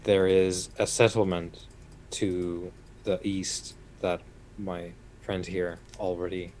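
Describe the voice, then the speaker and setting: A man's voice: low-pitched, a little mellow, a little hiss or hum. A man playing a character in a tabletop game, speaking formally and unhurriedly with hesitations. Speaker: player.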